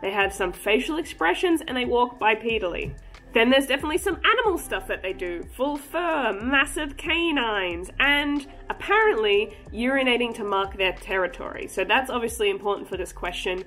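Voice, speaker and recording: Woman vlogger, kinda high voice, jokey and chatty, lil music in the back. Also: expressive, normal speed, a bit bright. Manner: chatty, joking, giggly asides. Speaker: cryptid channel host. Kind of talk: casual explainer vlog.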